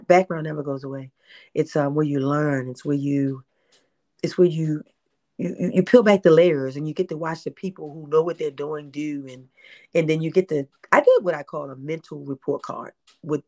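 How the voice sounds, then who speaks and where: A woman, telling stories in an interview with animated delivery and frequent repetition. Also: low-pitched, moderate pace. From Baltimore, USA. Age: 50s. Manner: animated, repeats herself, acts out quotes. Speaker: interview guest, independent filmmaker. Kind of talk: casual interview storytelling.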